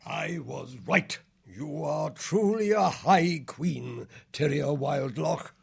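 A man voicing a big, stately male badger lord who speaks kindly and gravely in an audiobook. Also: fairly high pitch, very animated, voice pushed up, exaggerated voice. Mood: admiring. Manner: measured, gentle praise. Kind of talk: audiobook character voice.

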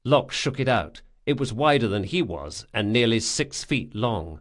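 A man's voice: mid-range voice, big pitch swings, measured pace, hardly any pauses. A man narrating an audiobook, reading with dramatic expression. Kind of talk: scripted narration.

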